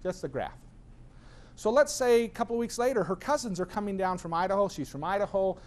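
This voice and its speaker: Middle-aged man, seminar speaker, lively storytelling, slightly high voice, swooping intonation, acts out voices. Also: a little fast. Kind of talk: lively personal-growth lecture.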